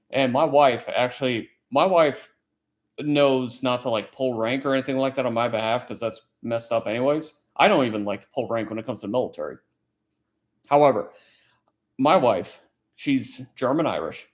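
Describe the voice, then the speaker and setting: A man's voice: medium pitch, moderate pace. A man hosting a casual late-night chat stream, telling a long story in a rambling, profane way. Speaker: livestream host; military service member.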